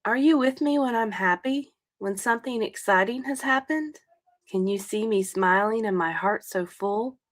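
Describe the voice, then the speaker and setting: A woman reading a sentimental passage aloud in a soft, tender, measured way. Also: on the high side.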